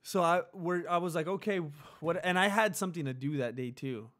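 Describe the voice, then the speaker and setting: Male podcast co-host, chatty storyteller, slightly high voice, acts out quotes. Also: animated, a little fast, fairly bright tone. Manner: laughs often while telling. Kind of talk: casual storytelling chat.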